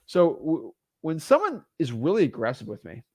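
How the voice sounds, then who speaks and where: A man coaching real estate wholesaling in a blunt, energetic, casual way. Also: on the high side, moderate pace, slightly rough, no echo, clean studio sound. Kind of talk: casual instructional talk.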